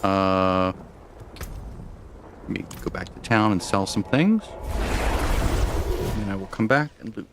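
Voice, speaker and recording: A man's voice: deep voice, expressive, slow, long pauses, noisy background. A man giving casual commentary while he plays a game, muttering to himself and then explaining things to his viewers. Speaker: gamer streamer.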